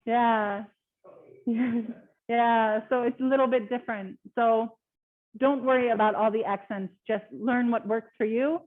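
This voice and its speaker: A woman speaking casually as a guest speaker in an online webinar, chatty and quick to laugh. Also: on the high side, steady tone. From Canada. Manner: chatty, laughs often, lots of fillers. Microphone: video call. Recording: tinny phone-like call audio.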